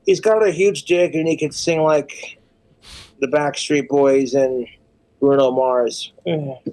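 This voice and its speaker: A man's voice: a little high, steady tone, slow pace, mellow, rough recording. Crude rambling man with hiccups. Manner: crude, boastful, stumbles over words. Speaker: streamer in a played clip. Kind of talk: rambling drunken rant.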